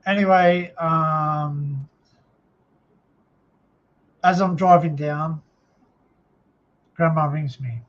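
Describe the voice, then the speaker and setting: An Australian man tells a painful personal story on his live stream, stopping and restarting often and filling the gaps with ums. His voice sits a little high for a man. The audio is dull and lo-fi. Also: fairly even intonation. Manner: halting, many fillers and restarts. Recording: dull lo-fi sound.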